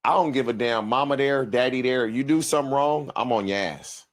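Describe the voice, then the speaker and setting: Man, sports talk panelist, blunt, emphatic, plain-spoken, mid pitch. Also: brisk. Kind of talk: sports talk show debate.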